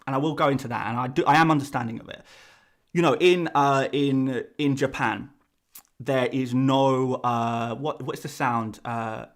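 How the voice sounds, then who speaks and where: An English man hosting a live fantasy football stream, talking casually to his chat in a rambling, exasperated way. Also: moderate pace. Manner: animated, rambling, voice jumps high when exasperated.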